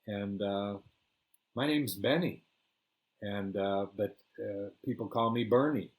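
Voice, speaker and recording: An older man quoting a friendly, eager middle-aged uncle who welcomes a guest warmly. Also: lowish voice, slow. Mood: welcoming. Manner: warm welcoming reassurance.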